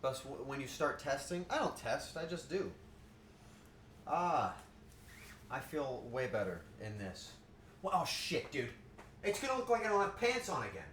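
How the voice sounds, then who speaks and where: A man's voice: mid-range voice, sing-song, a bit bright, distant mic, slight background noise. A man chatting casually while cooking live on stream in his home kitchen, rambling and joking, laughing easily and swearing now and then. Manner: rambling, jokey, quick to laugh. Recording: echoey kitchen, voice from afar.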